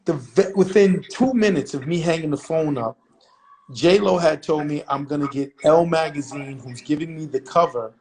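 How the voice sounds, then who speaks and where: A middle-aged man recounts an old story as an interview guest. His voice sits a little high, and he talks in a brash, profane, animated way, acting out the other people's lines. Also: moderate pace, slight background noise, low-quality recording.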